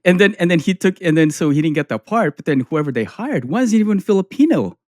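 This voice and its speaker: A man's voice: high-pitched, very animated, brisk, no echo, studio quality. A man hosting a podcast, asking questions and chatting in a loose, casual way. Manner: chatty, loose, many fillers. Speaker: podcast host. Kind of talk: casual interview chat.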